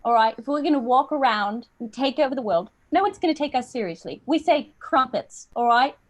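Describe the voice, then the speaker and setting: A woman's voice: high-pitched, lively intonation, brisk. A woman voicing a scheming British imperial leader giving a bossy pep talk to his people, in an online stand-up set. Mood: scheming, rallying. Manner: bossy pep-talk, keeps asking "all right?".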